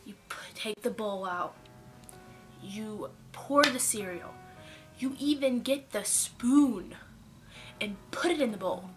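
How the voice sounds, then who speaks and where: A woman's voice: a little high, slow pace, pauses often, over music. A young woman vlogging casually to camera, chatty, with many "like"s and a sore throat. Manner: chatty, animated storytelling with many "like"s.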